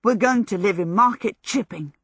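A woman's voice: medium pitch, normal speed, husky, no echo, clean studio sound, voice pushed up. A woman voicing an eager, cheerful teenage boy apprentice. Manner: eager, lively.

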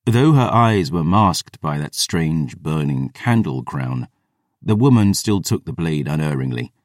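A man with a very low voice narrates a first-person fantasy story in a measured, descriptive way. He is close to the mic in a dry studio recording. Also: animated, dry recording. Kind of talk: scripted fantasy audiobook narration.

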